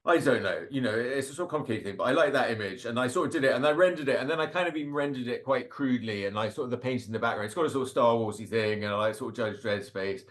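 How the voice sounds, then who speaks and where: This cartoonist, giving a casual slide talk as a guest, rattles through his drawings very fast with few pauses. His mid-range voice has a fairly bright tone, and his rambling is peppered with fillers and little laughs.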